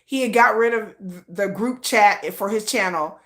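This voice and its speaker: A woman hosting a casual livestream from home, telling a story in animated, slangy talk and acting out the voices of other people. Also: medium pitch, moderate pace. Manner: animated, slangy, acts out quoted voices with laughs. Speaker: livestream host.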